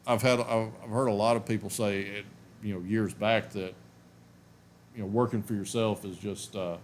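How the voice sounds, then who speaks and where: Man in his forties, sleepy and yawning, casual home live stream, lowish voice, faint hiss. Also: steady tone, normal speed. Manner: rambling, self-interrupting, chatty.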